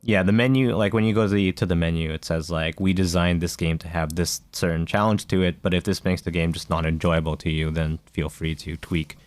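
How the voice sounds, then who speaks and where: A deep-voiced man talks casually as a podcast co-host. He rambles, fills his pauses and restarts his sentences often. The recording is dry, with no room sound. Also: steady tone, dry recording. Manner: rambling, many fillers and restarts. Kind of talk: casual chat.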